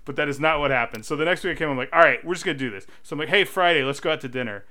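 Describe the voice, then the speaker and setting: A man in his thirties co-hosting a casual podcast, telling stories with lively acted-out quotes. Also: fairly high pitch, racing. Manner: animated storyteller, acts out quotes. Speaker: podcast co-host. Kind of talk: casual chat.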